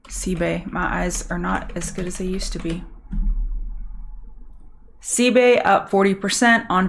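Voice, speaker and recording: A woman's voice: fairly low pitch, a bit bright. A middle-aged woman from Louisiana with a Southern accent, hosting a live market commentary stream in a chatty, upbeat way and answering viewers by name. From Louisiana, USA. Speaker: trading show host.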